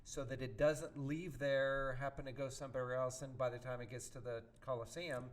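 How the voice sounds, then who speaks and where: A man with a mid-pitched voice hosts a talk radio show. He puts direct, probing questions to his guest and pushes for specifics. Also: flat delivery, normal speed. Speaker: host.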